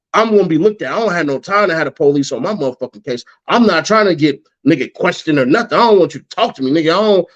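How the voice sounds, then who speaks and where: A man tells a story in loose, profanity-laden slang, jumping into other people's lines as he quotes them. His voice sits a little high for a man. The recording is dull and lo-fi. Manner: profane, animated, acts out quotes in a higher voice. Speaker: guest, YouTuber. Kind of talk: casual storytelling. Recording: dull lo-fi sound.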